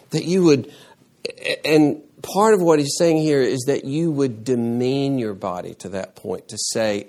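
The speaker is a man giving a sermon as a pastor, unhurried but animated. He repeats himself, starts phrases over, and shoots up into a high voice whenever he wants to drive something home.

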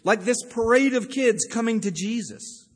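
A man's voice: very high-pitched, normal speed, big-room sound. A male pastor preaching a sermon, with emphatic storytelling. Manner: emphatic storytelling with acted-out quotes.

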